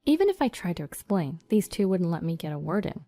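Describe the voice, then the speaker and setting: A woman narrating a first-person story in an even, storytelling read. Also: on the low side, brisk, dry recording. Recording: dry studio voice-over over soft music.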